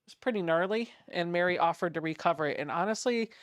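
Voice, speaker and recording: A woman's voice: on the low side, fast, clean tone, dry recording, studio quality. A woman hosting a quilting livestream, chatting casually while she sews and reading out viewer comments. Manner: chatty, reads out viewer comments, hums little sound effects while working. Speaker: quilting channel host.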